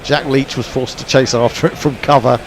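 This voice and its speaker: A man doing relaxed ball-by-ball cricket commentary on an internet radio stream, chatty and dry, with plenty of fillers. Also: medium pitch, a little fast. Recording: faint background noise.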